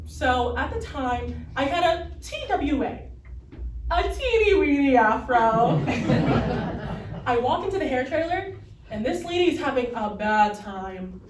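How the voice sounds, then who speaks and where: Woman reader, high voice, slow delivery, live readers theater, echoey hall, distant mic. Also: animated, slight background noise. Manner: unhurried, wry first-person storytelling. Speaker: stage reader. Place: live stage performance. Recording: roomy stage sound from a distant mic.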